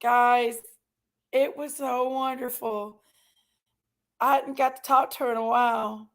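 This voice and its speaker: Slow-talking high-voiced woman. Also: little pitch movement. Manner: greets viewers one by one by name, affectionate; emotional, voice sometimes tearful. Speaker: livestream host. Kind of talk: casual livestream chat.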